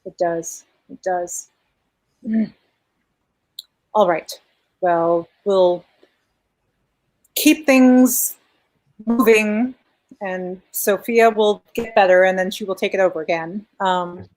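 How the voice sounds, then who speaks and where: A woman's voice: medium pitch, slow pace, pauses often, darkish tone, rough recording. A woman playing a new president in a tabletop role-play, speaking hesitantly with many fillers. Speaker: player.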